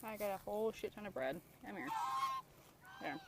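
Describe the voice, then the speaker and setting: A woman's voice: mid-range voice, fairly even intonation, moderate pace, gravelly. A woman feeding geese at a park and coaxing them along in a sing-song, laughing way, swearing casually, filmed on a phone outdoors. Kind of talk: casual phone video chatter. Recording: loud outdoor noise with honking geese. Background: honking geese.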